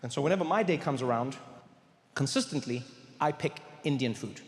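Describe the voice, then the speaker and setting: A man from South Africa telling a stand-up story in an animated, playful way, stretching out his punchlines. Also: mid-range voice, fairly quick, creaky. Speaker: stand-up comedian. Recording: echoey hall, faint audience ambience.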